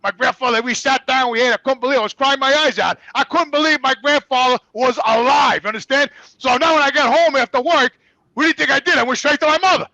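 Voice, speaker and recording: A middle-aged man with a New York accent tells stories in a raspy, gravelly voice that sits high for a man. His talk is profane and animated, turning loud when he gets worked up. The sound is dry and close. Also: quick pace, dry recording, highs cut off. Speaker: guest. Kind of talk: casual storytelling.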